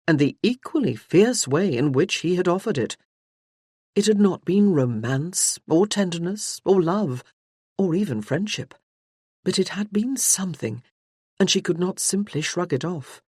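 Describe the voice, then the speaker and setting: Woman, audiobook narration, lively pitch, dry close sound. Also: breathy edge, no room sound. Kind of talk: scripted narration.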